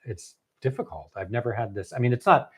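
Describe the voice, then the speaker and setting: A man, a novelist, telling a long story in casual conversation, animated and halting with many fillers and restarts. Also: medium pitch, slightly rough. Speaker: novelist guest.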